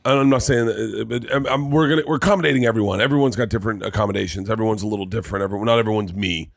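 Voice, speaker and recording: A man in his forties, a comedian guest, chatting casually and excitedly, swearing and laughing often. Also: lowish voice, rapid-fire, creaky, dry recording, clean studio sound. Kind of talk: casual chat.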